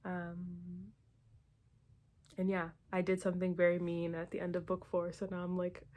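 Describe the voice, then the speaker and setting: A woman's voice: lowish voice, completely flat delivery, normal speed, a little mellow. A young adult woman chatting casually in a writing vlog, full of fillers like "um". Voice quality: slight lisp from retainers. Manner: chatty, with frequent fillers and laughs. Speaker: writing vlogger. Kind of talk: casual chat.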